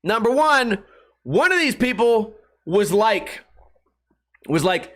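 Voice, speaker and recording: High-voiced profane man rambling. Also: sing-song, unhurried, pauses often, fairly bright tone. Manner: profane, rambling, laughs at his own jokes, puts on voices for quotes. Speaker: podcast host. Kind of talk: casual solo podcast rant.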